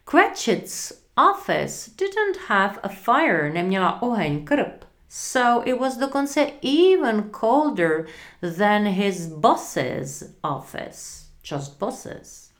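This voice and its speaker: A woman's voice: medium pitch, big pitch swings, extremely slow. A woman teaching an English story lesson, reading a line at a time and asking and answering her own questions as she translates.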